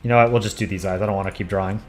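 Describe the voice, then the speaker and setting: Hosting a drawing livestream, a man chats offhandedly and rambles while thinking aloud, chuckling now and then. His voice is low, steady and darkish, and he talks at a racing speed. Faint music plays behind a roomy echo.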